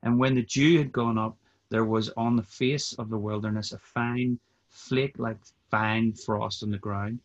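A man joins the podcast as a guest, talking easily and reading a long scripture passage at a steady pace. His voice is low, and it comes through dull, lo-fi video call audio. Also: unhurried. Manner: easygoing, reads scripture steadily. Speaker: podcast guest, mission partner. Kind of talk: casual chat and scripture reading.

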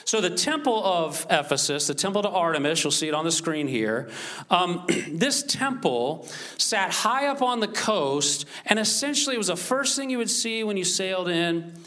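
A man's voice: high-pitched, very animated, moderate pace, sharp tone. A man preaching a sermon, reading scripture with rising emphasis and talking conversationally to the congregation. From United States. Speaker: pastor.

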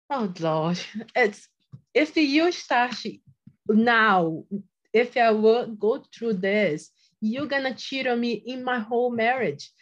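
Halting, emotional woman telling a story. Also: a little high. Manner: halting, repeats words, acts out quoted voices. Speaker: podcast guest. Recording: dull lo-fi audio.

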